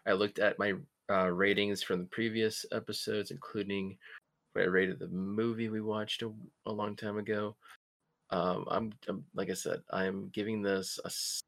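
A man co-hosting a podcast, chatting excitedly about a show, with frequent swearing and halting restarts. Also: on the low side, vocal fry. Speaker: podcast co-host. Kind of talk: casual excited review chat.

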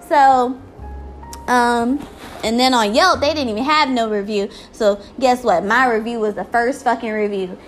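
A woman's voice: on the high side, unhurried, soft background music. A woman ranting in a casual vlog, exasperated and full of swearing.

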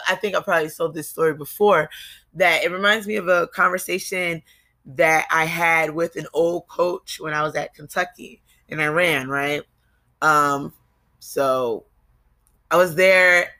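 A young woman from New Jersey, her accent plain, talks through a solo podcast episode in a candid, confessional way. Her voice is bright with a sharp edge. She often pauses on drawn-out ums and starts her sentences over. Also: fairly low pitch. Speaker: podcast host. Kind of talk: casual solo podcast monologue.

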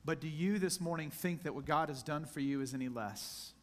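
High-voiced male pastor preaching earnestly. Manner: earnest, intimate preaching, drawn-out emphasis on scripture; addresses the congregation directly as "church". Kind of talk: sermon.

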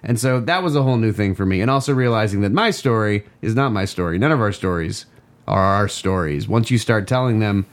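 A man chatting as a podcast guest, telling animated, joking stories and laughing easily. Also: lowish voice. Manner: animated storyteller, quick to joke and laugh. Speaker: podcast guest, game writer. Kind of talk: casual interview chat.

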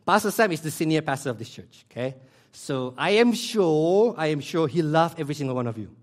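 A man pastor preaching a sermon with passion, repeating key phrases and swinging between loud emphasis and hushed near-whispers. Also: a little high, expressive, brisk. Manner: emphatic repetition, non-native grammar slips.

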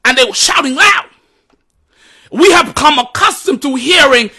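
Very high-voiced emphatic male preacher. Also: lively intonation, moderate pace, pushed and bright. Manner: emphatic, repetitive preaching cadence. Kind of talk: sermon with closing prayer.

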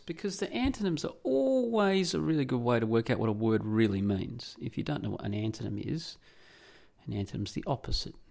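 An Australian man with a medium-pitched voice and vocal fry hosts a podcast as a solo rant. He sounds indignant, sarcastic, and profane.

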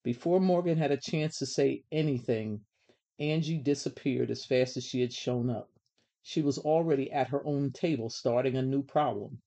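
Woman narrator for kids' audiobook; gentle, measured, warm dark timbre. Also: rumbling low. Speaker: storybook reader. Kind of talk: children's story reading.

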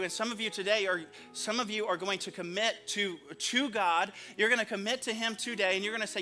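A man's voice: sits high, moderate pace, few pauses, sharp tone, soft background music. A man preaching a sermon as pastor, earnest and emphatic, repeating phrases for weight.

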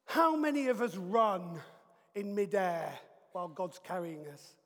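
A male preacher telling a story in an animated, comic way. His voice is high for a man. It carries the long reverb of a large hall, and he sometimes breaks into bursts of shouting. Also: unhurried. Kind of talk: storytelling sermon.

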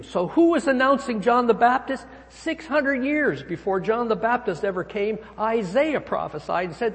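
A man preaching a sermon as pastor, emphatic, swinging his pitch and volume. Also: animated, normal speed, few pauses. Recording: long hall reverb.

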